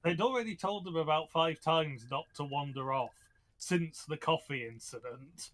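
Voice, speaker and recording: A man's voice: fairly high pitch, normal speed, fairly bright tone. A man hosting a casual book chat, rambling with many fillers and restarts. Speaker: podcast host discussing a book.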